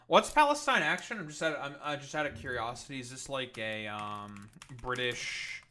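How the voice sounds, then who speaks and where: Bright-voiced profane young man ranting. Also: mid-range voice, animated, normal speed, a little hiss or hum. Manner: rambling, profane, sarcastic. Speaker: streamer reacting to clips. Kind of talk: casual profane reaction commentary.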